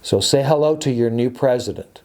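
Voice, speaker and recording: Male attorney host, warm mellow tone, insistent and repetitive, stumbles often. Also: mid-range voice, moderate pace. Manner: emphatic, repetitive, stumbles and restarts. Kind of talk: opinionated podcast monologue.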